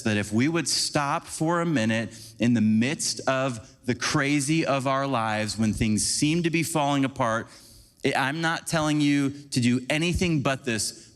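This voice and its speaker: A man giving a conversational, animated sermon as a preacher, acting out little scenes for the congregation. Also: mid-range voice. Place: church sanctuary. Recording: long church hall reverb.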